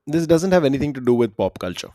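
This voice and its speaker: Animated male quiz podcast host. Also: mid-range voice, fast talker, no room sound, clean studio sound. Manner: animated, laughs often. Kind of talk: casual quiz chat.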